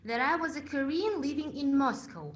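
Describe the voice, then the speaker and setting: A young woman from Uzbekistan, a native Russian speaker, giving a prepared contest speech in English and telling her story with dramatic pauses. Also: sits high, animated.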